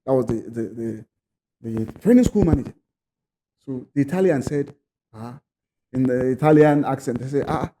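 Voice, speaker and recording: A man from Nigeria, a podcast guest telling a personal story in a lively way, acting out other people's voices and sometimes repeating words. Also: medium pitch, normal speed, a little hiss or hum.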